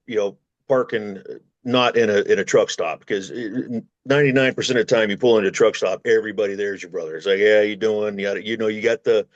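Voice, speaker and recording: A man's voice: lowish voice, fairly even intonation, fast talker, no room sound, highs cut off. A man, a former long-haul truck driver, telling road stories in rambling casual chat and acting out the voices he quotes.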